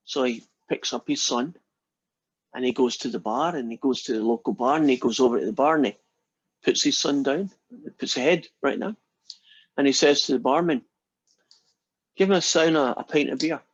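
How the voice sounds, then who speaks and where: A math lecturer tells jokes to his class in a chatty, playful way, addressing students by name. His medium-pitched voice is slightly rough and moves at normal speed, and the audio sounds dull.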